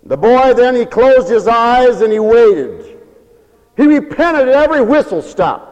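A man preacher telling a story as a sermon, animated and emphatic. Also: very high voice, a little slow, big-room sound, dull audio.

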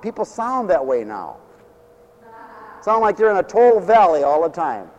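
A man's voice: high-pitched, big pitch swings, moderate pace, long reverb tail, poor audio. A man preaching a folksy, off-the-cuff sermon, rambling and repeating himself, needling his listeners with rhetorical questions.

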